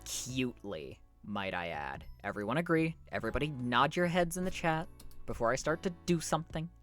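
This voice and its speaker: Low-voiced playful woman streamer. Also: a little fast, faint music behind. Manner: playful, jokey, animated. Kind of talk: casual stream chat.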